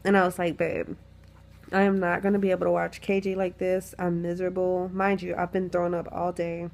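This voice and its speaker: Sick girl telling a storytime from bed on her phone, gravelly fry, chatty and swears a lot. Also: lowish voice, completely flat delivery, brisk, darkish tone. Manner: chatty and candid, swears freely, laughs often. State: sick with the flu, lying down. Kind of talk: casual storytime chat. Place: lying in a bed at home.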